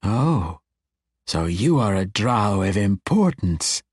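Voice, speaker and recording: A man's voice: on the low side, very animated, slow, husky, dry recording, studio quality, full character voice. A man voicing a huge six-armed female snake demon in an audiobook, with a purring, mocking delivery. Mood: purring tease. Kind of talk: audiobook character voice.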